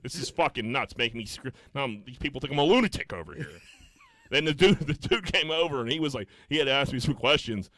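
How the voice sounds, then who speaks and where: A man co-hosting a podcast, telling a story in a casual, swearing, animated way and acting out his own lines. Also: mid-range voice, quick pace, no room sound. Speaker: podcast co-host.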